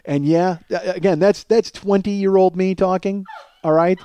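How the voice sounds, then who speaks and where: A man's voice: high voice, fairly even intonation, a little slow, dark tone, smooth. A man in his forties telling a long personal story in a casual, profane way, often laughing as he talks. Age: 40s. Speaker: podcast storyteller.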